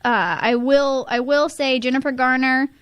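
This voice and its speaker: A woman's voice: sits high, steady tone, moderate pace, fairly bright tone, smooth, no room sound. A young woman co-hosting a casual chat podcast, rambling and giggly with lots of restarts. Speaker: podcast co-host.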